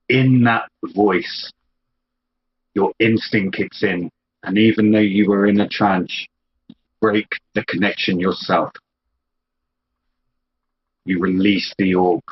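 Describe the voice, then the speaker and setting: A man narrating a tabletop role-play game as game master, telling the scene slowly and descriptively. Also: deep voice, fairly even intonation. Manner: slow, descriptive storytelling. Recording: dull lo-fi audio with faint background noise.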